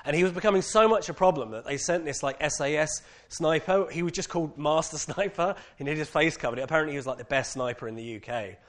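A man with a British accent sharing a personal testimony with an audience, candid and animated, with many casual fillers. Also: fairly high pitch, quick pace, hardly any pauses.

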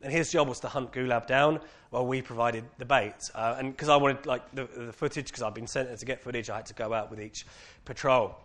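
Fast-talking British man telling his story. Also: medium pitch. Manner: candid, animated storytelling with many "like" fillers. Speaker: speaker sharing a personal testimony. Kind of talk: personal testimony to an audience.

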